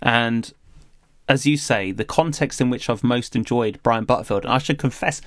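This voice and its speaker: A man's voice: mid-range voice, normal speed, a bit bright, no room sound, studio quality. A man, co-hosting a podcast, talking thoughtfully and animatedly with some laughter. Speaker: podcast co-host. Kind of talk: casual podcast review chat.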